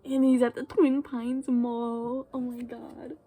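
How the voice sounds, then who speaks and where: A young woman unboxing a tarot deck in a vlog, gushing with breathless excitement, gasping and squealing between her words. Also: on the high side, slow pace. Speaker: tarot vlogger.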